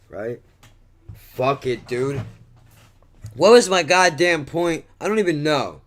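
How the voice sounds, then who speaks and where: A man's voice: mid-range voice, fairly bright tone. A man rambling through a crude, profanity-filled vlog monologue, swearing and mocking himself. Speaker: vlogger.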